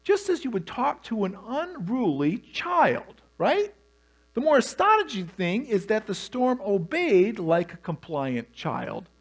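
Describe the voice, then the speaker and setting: Pastor, sermon, playful storytelling, very expressive pitch. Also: takes it slowly. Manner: animated, humorous storytelling.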